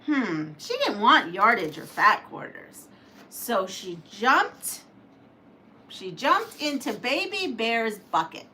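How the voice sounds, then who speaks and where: Speaking slowly in a voice on the high side, with slight background noise, this woman hosts a quilting channel livestream. She reads out a story she wrote and chats with viewers, lively and laughing whenever she slips up.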